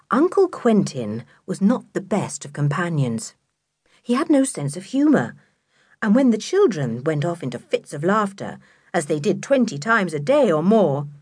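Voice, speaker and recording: A woman reads a children's book aloud in a low, husky voice with a very lively, rising and falling melody. She is measured and expressive, recorded close on a studio mic in a dry, deadened space. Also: dry recording. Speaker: audiobook narrator. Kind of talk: scripted narration of a children's book.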